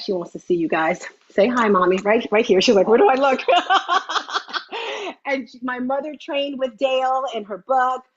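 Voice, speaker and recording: A woman hosting a motivational livestream, talking in a chatty, animated way with teasing asides. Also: high-pitched, husky, highs cut off. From United States. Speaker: host. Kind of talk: lively motivational livestream talk.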